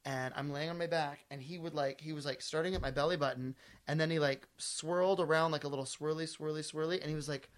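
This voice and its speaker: A man's voice: on the high side, steady tone, fast talker, few pauses. A man co-hosting a podcast, teasing and crude, telling a long story with lots of energy. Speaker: podcast co-host. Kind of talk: casual comedic chat.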